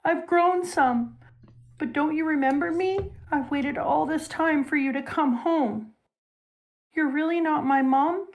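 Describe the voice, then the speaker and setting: A young girl pleading with the mother who won't claim her, as a woman reads the part aloud. The voice sits high and trembles with tears. It softens toward the end of each plea. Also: measured pace.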